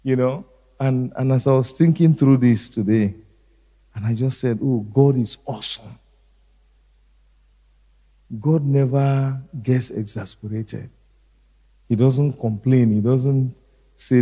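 A middle-aged male pastor preaching a sermon slowly and deliberately, repeating key phrases. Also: mid-range voice, mellow, in a large hall.

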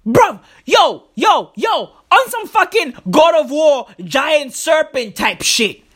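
A man tears through a profane comedic rant in a high voice that leaps wildly up and down. He stretches his words out slowly, loud and excitable, repeating himself for effect. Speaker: comedic ranter.

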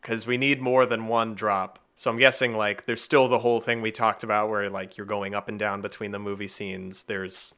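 A male podcast co-host riffs on ideas in relaxed chat, his voice bright and clear. He talks eagerly and fills his thoughts with likes and ums. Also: fairly low pitch, moderate pace, hardly any pauses. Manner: enthusiastic, full of filler words. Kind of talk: casual brainstorming chat.

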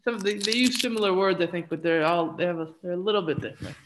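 Woman, lowish voice, laid-back, hesitant, casual podcast guest. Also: quick pace, noisy background.

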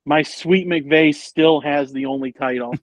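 A man co-hosting a casual sports podcast, rambling and animated, with lots of fillers and the odd curse. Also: a little high, a little slow, no echo, low-quality recording. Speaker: podcast co-host.

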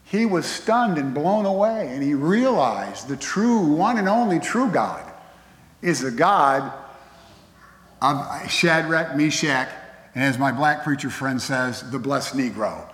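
A man preaching a sermon with a fairly high voice, talking to his congregation in an emphatic, conversational manner. The sound rings out through a big church sanctuary, with long reverb trailing each phrase. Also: animated, slow, fairly bright tone. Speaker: pastor. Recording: echoey hall with long reverb.

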